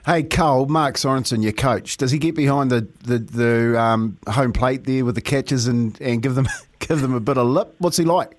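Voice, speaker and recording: A man co-hosting a radio show, jokey and animated with lots of laughs. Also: mid-range voice, normal speed, hardly any pauses. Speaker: radio co-host. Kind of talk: casual radio banter.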